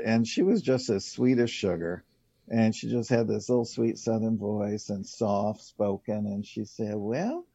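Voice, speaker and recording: Older male casting director, unhurried storyteller with a dark, low voice. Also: no echo. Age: 60s. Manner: rambling, anecdotal, many fillers. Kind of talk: casual interview storytelling. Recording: dull lo-fi, dry.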